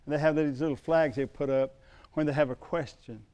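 A middle-aged man preaching a sermon, telling a personal story in a folksy way that swings from loud to hushed. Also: a little high, fairly even intonation, fairly quick. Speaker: pastor.

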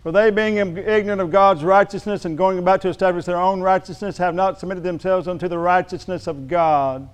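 A man preaching in a church with a high, smooth, resonant voice. He jokes with the congregation, then rises to emphatic, ringing declarations. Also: steady tone, fairly quick, few pauses. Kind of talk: sermon.

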